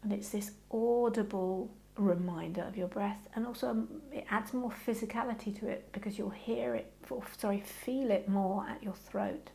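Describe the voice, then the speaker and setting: A woman leads a yoga class with a gentle, reassuring manner. Her voice carries a gravelly, fry-tinged texture at a middle pitch. She chats warmly between slow, soft breathing cues. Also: fairly even intonation. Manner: gentle, reassuring, chatty with frequent "okay". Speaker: yoga teacher. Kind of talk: guided yoga class instruction.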